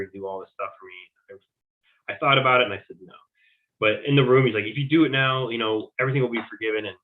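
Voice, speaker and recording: A man recounts his own experiences in an interview, speaking in a halting way with frequent fillers and restarts. His voice sits fairly low. The sound is thin and narrow, like a phone call. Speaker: interview guest. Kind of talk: conversational recounting of personal experiences. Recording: tinny phone-like audio.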